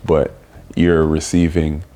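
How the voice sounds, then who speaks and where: A man with a very low, deep voice talks openly on a podcast. His phrases come short and repeated, with a reflective, candid manner. He sounds like a young adult speaking frankly in conversation. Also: monotone, takes it slowly, warm tone. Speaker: podcast host.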